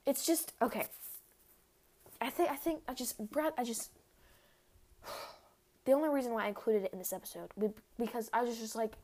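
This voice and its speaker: Her voice is a little high, steady and a little mellow. A young woman, she hosts a casual solo podcast, rambling through many fillers with heavy use of "like" and quick laughs.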